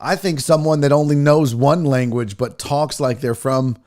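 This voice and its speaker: A man's voice: medium pitch, normal speed, a little mellow. A man from the American South hosting a casual sports talk livestream, brash and profane, joking and chatting with his viewers. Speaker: sports talk show host.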